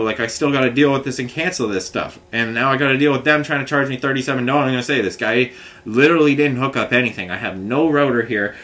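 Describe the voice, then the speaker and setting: A man's voice: medium pitch, fairly bright tone. Guy venting on his vlog, rambly and agitated, lots of uh and like. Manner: agitated, rambling, many fillers and restarts. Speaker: vlogger. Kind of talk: frustrated rambling rant to camera.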